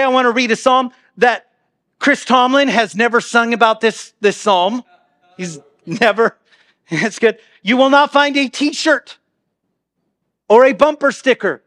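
Guy preaching, pretty high voice, jokey and chatty, goes loud then drops real quiet. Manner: humorous, conversational, swings between loud reading and hushed asides. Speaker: pastor. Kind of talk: sermon. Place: church sanctuary.

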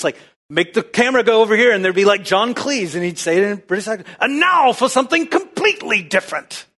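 A man preaching a lively sermon to his congregation, asking them rhetorical questions. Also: high voice. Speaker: pastor. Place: church.

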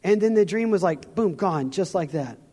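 A man's voice: sits high, lively intonation, moderate pace, warm tone, slightly rough. A man giving an earnest, informal testimony sermon from a stage, often restarting and chuckling as he talks. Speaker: traveling evangelist giving his testimony. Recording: long hall reverb.

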